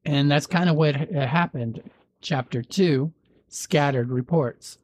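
Husky man reading a spooky legend. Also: a little high, darkish tone, dry recording. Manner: measured storytelling, dry jokes. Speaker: podcast host. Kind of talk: reading a legend aloud with banter.

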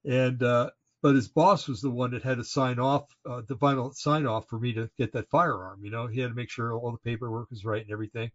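A man's voice: mid-range voice, steady tone, a little fast, few pauses. A man co-hosting a casual political talk show, ranting indignantly with many fillers and restarts. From Oregon, United States. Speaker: podcast co-host. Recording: slightly dull lo-fi audio.

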